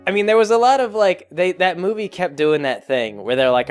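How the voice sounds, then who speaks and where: A man's voice: high voice, lively intonation, a little fast, clean tone, faint music behind. Rambling, jokey man recapping a movie. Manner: rambling, jokey, full of fillers and self-corrections. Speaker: vlogger.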